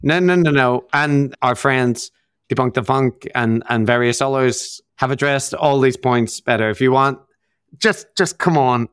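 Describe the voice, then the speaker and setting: A man's voice: mid-range voice, measured pace, fairly bright tone, clean tone, dry recording, studio quality. A man with an Irish accent, co-hosting a podcast in casual, sardonic banter and laughing often. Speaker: podcast co-host.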